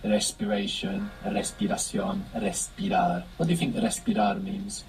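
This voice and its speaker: A man's voice: on the low side, sing-song, normal speed, vocal fry, loud music behind the voice, rough recording. A man teaching a language lesson, patiently explaining step by step and prompting his student with questions.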